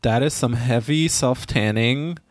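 An American man co-hosting a podcast, chatting in a gossipy, animated way with his pitch jumping up when he gets excited. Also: measured pace, dry recording, clean studio sound. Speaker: podcast co-host. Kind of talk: casual chat.

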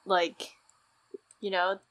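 A woman's voice: mid-range voice, little pitch movement, extremely slow, fairly bright tone. A woman co-hosting a podcast in casual chat, explaining things in a chatty way. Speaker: podcast co-host.

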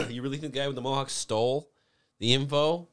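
A man's voice: medium pitch, moderate pace, clear, resonant tone, no room sound, clean studio sound. A man in casual chat, telling a story animatedly, swearing often and acting out the people in it. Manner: animated storyteller, swears a lot, acts out voices.

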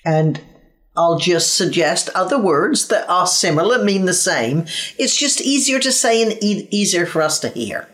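Dorset-accented woman, a speaking coach, unhurried and blunt, guest on an interview. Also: fairly low pitch, very animated, fairly bright tone. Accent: Dorset English. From England. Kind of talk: interview conversation.

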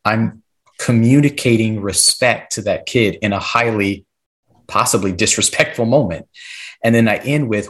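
Man, podcast guest, lower voice, explanatory coaching delivery with rhetorical check-ins. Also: moderate pace, fairly bright tone. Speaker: podcast guest, classroom behavior expert.

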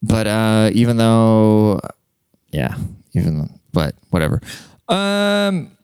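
A man's voice: fairly low pitch, lively intonation, slow pace, darkish tone, clear, resonant tone, dry recording. A young man telling stories on a podcast, rambling and swearing, often breaking into laughs. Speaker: podcast host. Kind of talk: casual podcast monologue.

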